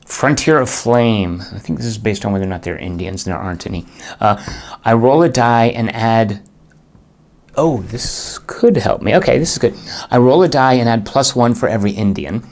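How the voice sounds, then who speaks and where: A man's voice: mid-range voice, animated, normal speed, darkish tone. A man playing a board game solo and thinking aloud as he works through each turn, muttering and groaning at bad rolls.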